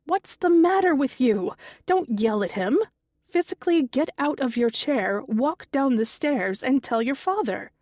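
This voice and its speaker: A woman's voice: sits high, fairly even intonation, moderate pace, hardly any pauses, no room sound, studio quality, pitched above the performer's own voice, close to an everyday voice. A woman playing an exasperated, scolding mother. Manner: scolding, raised and clipped. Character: harried mother, exasperated and sharp.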